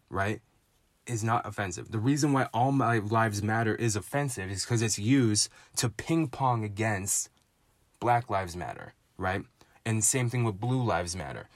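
A man's voice: on the low side, no room sound. A man giving an impassioned, frustrated monologue, often stopping to ask "right?". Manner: frustrated, emphatic, keeps asking "right?".

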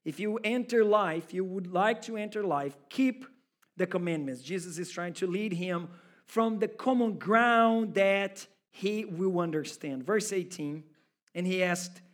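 A man's voice: high-pitched, measured pace. A male pastor preaching a sermon in an emphatic, rhetorical way, speaking straight to his listeners. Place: church service.

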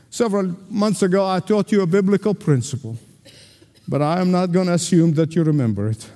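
A man's voice: high voice, warm tone. Emphatic male preacher in a big hall. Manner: emphatic preaching with dramatic pauses. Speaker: pastor. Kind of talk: sermon. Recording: long hall reverb.

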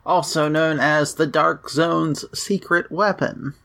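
A woman's voice: sits low, steady tone, slow, gravelly, fairly bright tone. A woman co-hosting a casual podcast, talking in a dry, hedging, matter-of-fact way. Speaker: podcast co-host. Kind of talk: casual chat recapping an anime episode.

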